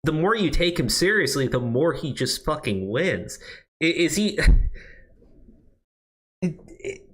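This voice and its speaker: Man, heated stream commentator; profane, stammering, lively and fairly high pitch. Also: normal speed. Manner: stammering, swearing, heated and ranting. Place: new office.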